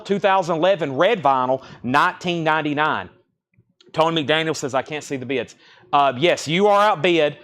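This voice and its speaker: A man hosting a live vinyl record sale stream, briskly repeating prices and bidder names. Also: a little high, a bit bright. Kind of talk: live auction sales stream.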